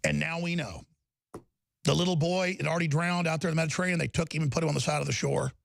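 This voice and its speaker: A man's voice: fairly high pitch, fairly even intonation, fast talker, vocal fry, no room sound. A man hosting a talk show, delivering heated, emphatic political commentary and repeating words as he gets riled up.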